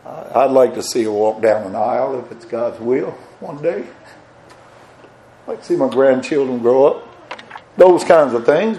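An older man preaching a sermon, moving from soft conversational asides to loud, fervent bursts. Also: a little high, lively intonation, moderate pace, long pauses.

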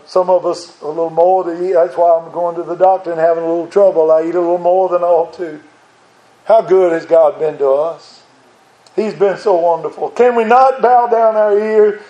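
A man's voice: high-pitched, dark tone, echoey room, rough recording. An older man preaching a sermon in a folksy, earnest way, rising to pleading emphasis.

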